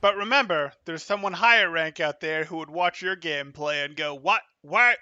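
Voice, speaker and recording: A man coaching a player through live gameplay, brisk and emphatic, repeating his key points. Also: a little high, fairly even intonation, muffled recording, noisy background. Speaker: game coach.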